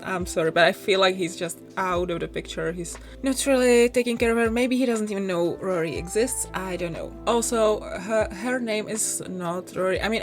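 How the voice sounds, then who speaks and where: A woman hosting a gaming channel, chatting casually over game play with a sore throat and a candy in her mouth, rambling and apologetic. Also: medium pitch. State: sucking a mint candy, slight mouth sounds; sore throat, coming down sick.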